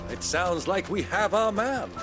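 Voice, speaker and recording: A wry, unhurried older uncle. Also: male voice, high voice, animated. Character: jovial older male uncle, worldly nobleman. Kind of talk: video game voice acting. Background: game soundtrack music.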